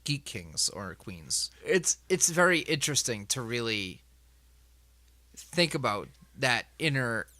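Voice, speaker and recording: A man's voice: mid-range voice, big pitch swings, takes it slowly, bright, forceful tone, no echo. A man who runs a tabletop game, chatting with his group in an emphatic, reflective way and laughing often. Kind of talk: casual group chat.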